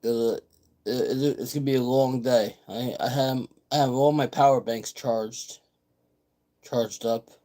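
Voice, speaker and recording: A man's voice: medium pitch, fairly even intonation, takes it slowly, warm tone. Guy vlogging, rambles on and keeps repeating himself, regular mid voice. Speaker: vlogger host. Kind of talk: casual vlog chat.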